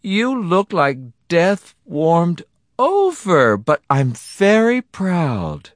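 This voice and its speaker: A man reading a story, voicing a brisk adult wife with an airy, chiding manner. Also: high voice, big pitch swings, no room sound, clean studio sound, pitched above the performer's own voice, full character voice. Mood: tender.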